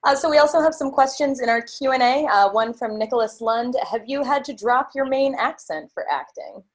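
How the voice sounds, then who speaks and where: A woman's voice: sits high, a little fast. A woman moderating a livestream Q&A, reading out audience questions plainly with brief fillers.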